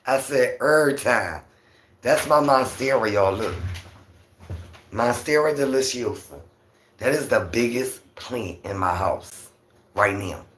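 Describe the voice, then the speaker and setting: A man with a raspy voice hosting a casual livestream, talking softly and rambling with many fillers. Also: mid-range voice, roomy sound. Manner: talks softly, near a whisper. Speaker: livestream host.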